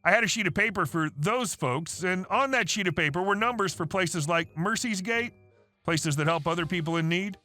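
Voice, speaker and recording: A man's voice: high-pitched, moderate pace, bright, forceful tone. Wry man narrating stories over faint music. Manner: wry, sarcastic storytelling. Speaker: story narrator. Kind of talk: reading online stories aloud.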